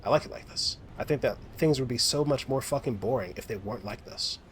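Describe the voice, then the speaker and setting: A brisk, mid-range male voice, a bit bright, with a little hiss or hum. As an American gaming vlogger, he chatters casually mid-game in a rambling, foul-mouthed way, often abandoning sentences to restart them and using many fillers.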